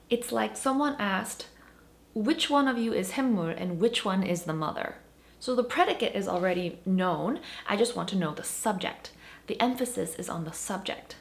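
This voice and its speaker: A woman teaching grammar in an online lesson, explaining patiently and acting out little example dialogues. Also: mid-range voice. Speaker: Korean language teacher.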